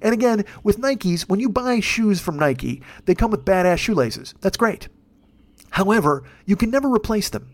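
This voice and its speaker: A man hosting a podcast, telling a rambling comic story in a casual, swearing, animated way. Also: sits high, normal speed. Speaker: podcast host. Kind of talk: comedic storytelling.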